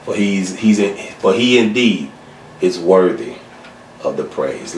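A man's voice: animated, takes it slowly, over music. Preaching man in an echoey church. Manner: preacherly, rising emphatic swells then dropping low and soft. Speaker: pastor. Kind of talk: Bible study teaching and closing prayer. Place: church sanctuary. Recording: echoey church sound from a distance.

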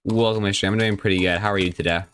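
A man's voice: fairly low pitch, steady tone, racing, a bit bright, smooth. A young man live-streaming a game, chatting casually and joking as he reads and answers his viewers' chat.

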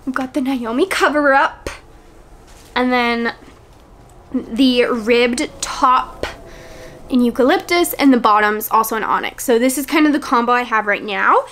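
A young woman with a Midwestern American accent talks through a product review vlog in a casual, bubbly way. Her voice sits high, and she is eager and full of fillers as she chats. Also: a little slow, fairly bright tone. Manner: bubbly and enthusiastic, many fillers. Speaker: vlogger.

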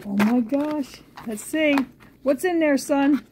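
High-voiced woman chatting to her pet bird. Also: slow pace, background noise. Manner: high sing-song baby talk to her bird, calm explaining to viewers. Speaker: pet bird owner filming her parrot. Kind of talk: casual home vlog.

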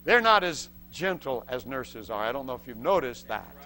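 A man preaching a sermon as a testimony, telling a story with lively acted-out voices and laughs between points. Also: mid-range voice, normal speed, few pauses. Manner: acts out voices in the story and shouts the excited parts.

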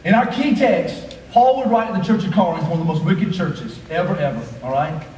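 A male pastor preaching a sermon, rhythmic and repetitive, swinging between quiet asides and raised, emphatic lines. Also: high voice, animated, a little fast, slight background noise. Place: church sanctuary. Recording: echoey hall, voice from a distance, faint ambience.

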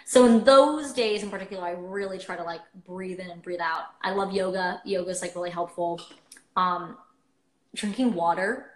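A woman's voice: on the low side, normal speed. A young woman hosting a casual livestream from her phone, bubbly and chatty, with lots of filler words. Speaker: livestream host. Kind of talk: casual chat. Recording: roomy echo.

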